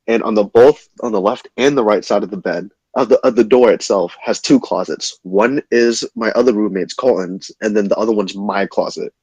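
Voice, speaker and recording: A young man casually telling a wild story to his chat, animated and swearing freely. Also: on the low side, husky, no room sound, poor audio. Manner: animated, swearing, quick retelling.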